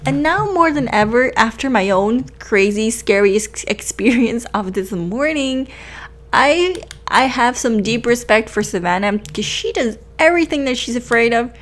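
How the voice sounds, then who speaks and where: A woman's voice: on the high side, moderate pace. A woman in her twenties giving chatty, self-deprecating commentary over gameplay, often laughing. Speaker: gaming YouTuber.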